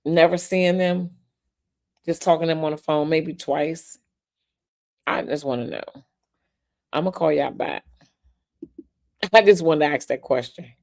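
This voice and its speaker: Low-voiced woman hosting a live chat. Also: a little slow, gravelly, pauses often. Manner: laughing, animated, talks straight to viewers. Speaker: podcast host. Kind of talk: casual live-stream chat.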